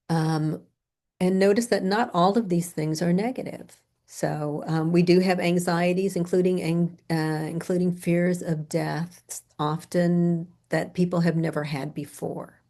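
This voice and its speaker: Slow, gravelly-voiced woman therapist lecturing. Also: on the low side, fairly even intonation. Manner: soft-spoken, unhurried storytelling, drops to near whispers. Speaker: grief therapist presenting a training. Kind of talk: continuing education lecture with client stories.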